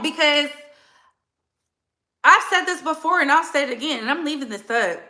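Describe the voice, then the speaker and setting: A woman's voice: high voice, lively intonation, moderate pace, long pauses, bright, forceful tone. A woman hosting her own commentary channel, talking bluntly and emphatically and repeating phrases for effect. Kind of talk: heated commentary monologue.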